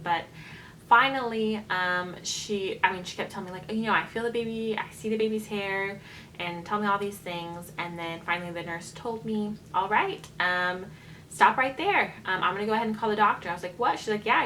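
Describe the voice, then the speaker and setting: Young woman vlogger, casual chatty storytelling, earnest and emotional, filler-heavy, mid-pitched voice, faint room hum. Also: fairly bright tone, low-quality recording.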